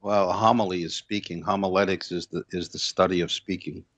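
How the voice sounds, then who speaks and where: A man in his sixties, a pastor and guest, telling stories in a measured way and acting out the dialogue. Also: sits low, fairly even intonation, a bit bright, no room sound. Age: 60s. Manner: measured storyteller who acts out dialogue. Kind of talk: storytelling in an interview.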